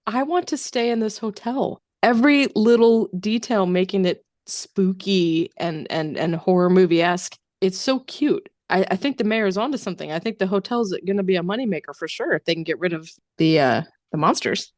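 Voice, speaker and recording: A woman's voice: medium pitch, normal speed, hardly any pauses, darkish tone, no echo, clean studio sound. A woman guest on a podcast, talking about a movie in blunt, exasperated casual chat that has some swearing.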